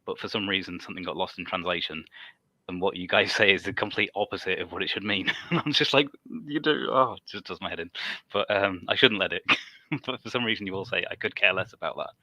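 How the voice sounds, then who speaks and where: A man's voice: sits low, fairly even intonation, fast, sharp tone, no echo. A British man chatting casually on a livestream, talkative and laughing often. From United Kingdom.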